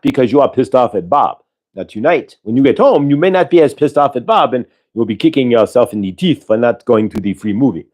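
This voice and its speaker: A man's voice: medium pitch, animated, brisk, a little mellow. A man hosting a spiritual livestream, speaking as a channeled collective "we" in a rambling, repetitive way and acting out everyday dialogue in quoted voices.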